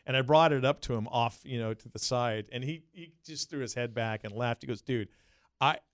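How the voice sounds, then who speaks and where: Animated male sports podcast host, dry sound. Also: fairly quick, dry recording. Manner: animated storyteller, jumps high when quoting people. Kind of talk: casual sports talk.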